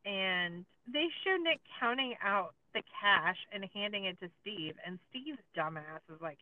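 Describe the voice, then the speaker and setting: A woman's voice: medium pitch, animated, measured pace. A woman co-hosting a podcast, recapping a documentary in casual chat, with many filler likes and sarcastic asides. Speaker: podcast co-host. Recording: tinny phone-like sound, dry.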